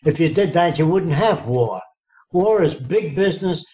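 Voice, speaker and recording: A man's voice: on the high side, animated, moderate pace, warm tone. A man in his nineties giving an interview, blunt and emphatic, often checking that he is understood. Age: 90s. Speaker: interviewee, futurist. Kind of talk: conversational interview. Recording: dull lo-fi sound.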